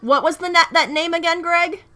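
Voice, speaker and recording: A woman's voice: extremely high pitch, normal speed, bright, forceful tone. A woman playing a tabletop game, casual and inquisitive. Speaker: player.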